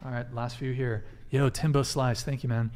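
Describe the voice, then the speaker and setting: A man's voice: mid-range voice, flat delivery, moderate pace, a little mellow. Chill guy hosting a live show, thanking chat one by one, level-headed. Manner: laid-back, thanks viewers one by one. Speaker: host. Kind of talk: casual livestream chat reading super chats.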